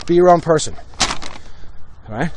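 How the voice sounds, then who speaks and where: Blunt, fiery man; walk-and-talk livestream rant outdoors, fairly high voice, faint street noise. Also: animated, normal speed, darkish tone. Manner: blunt, fired-up, heated. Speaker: political commentator. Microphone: phone held while walking.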